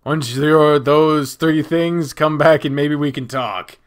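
A man's voice: on the high side, steady tone, takes it slowly, smooth. A man voicing a snooty, dismissive male knight who guards a mountain pass in a game, reading the lines out fairly plainly.

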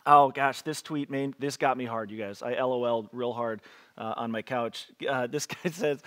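A man's voice: mid-range voice, steady tone, moderate pace, a bit bright. A man preaching a casual online sermon as pastor, chatty and joking, laughing between readings. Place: church, streamed online.

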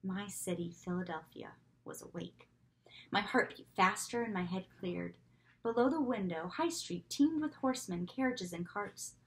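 A woman reading a novel aloud with expressive storytelling, often dropping to a whisper for asides. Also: medium pitch, moderate pace, poor audio. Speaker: reader.

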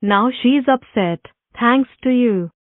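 A synthetic woman's voice playing a stern mother cat who scolds flatly. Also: a little high, takes it slowly, dry recording, narrow, tinny audio. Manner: scolding, flat.

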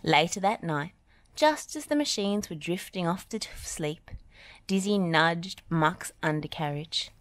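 A woman reading a children's picture book aloud in a slow, gentle way. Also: on the low side, lively intonation. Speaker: storybook reader.

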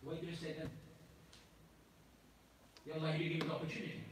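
A man's voice: a little high, level tone, fast talker, pauses often, noisy background. A man preaching and leading supplications at night prayers, passionate and pleading. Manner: impassioned, pleading. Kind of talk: sermon and supplication. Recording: echoey hall from far off.

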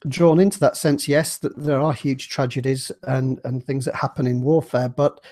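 A man's voice: medium pitch, dark tone. A man with a slight cold, casually discussing a novel in a thoughtful, rambling way and then reading passages aloud. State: slight cold, clears throat. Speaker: book reviewer.

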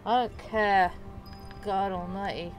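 A woman's voice: mid-range voice, steady tone, takes it slowly, soft background music. A woman commenting on her game playthrough, emotional and swearing often. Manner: emotional, swearing, laughing asides. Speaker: gamer streaming a playthrough. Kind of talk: let's play commentary.

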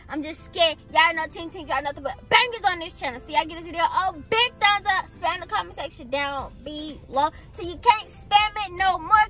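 Young woman vlogger, very high bright voice, swinging pitch, energetic slangy chat. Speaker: vlogger pranking her boyfriend. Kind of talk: casual vlog chat. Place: in a car.

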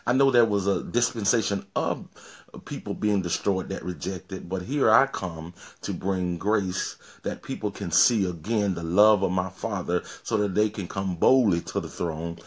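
A male pastor preaches in a low, husky voice. He often repeats words and restarts his sentences, then climbs to forceful, emphatic peaks. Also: normal speed. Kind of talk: informal sermon.

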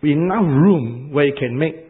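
A man with an Asian accent preaching a sermon, animated and repetitive, laughing at his own jokes. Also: a little high, unhurried, phone-quality sound.

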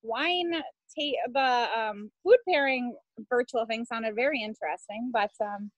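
A woman's voice: on the high side, unhurried, dry recording, rough recording. A woman hosting a virtual wine class, upbeat as she thanks the guest and explains pre-orders. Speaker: wine shop class host. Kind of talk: casual chat on a video call. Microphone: video call.

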